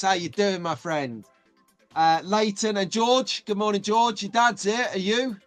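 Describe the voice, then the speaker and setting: A middle-aged British man hosting a casual live stream, chatty and excitable, greeting viewers by name. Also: sits high, a little slow, faint music behind.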